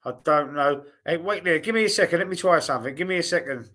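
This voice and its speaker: A man with a Cockney accent chats casually about football over a video call. His voice sits a little high, and he talks loosely, with plenty of fillers and restarts. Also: quick pace, sharp tone. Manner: chatty, hesitant, drops in fillers. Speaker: podcast host.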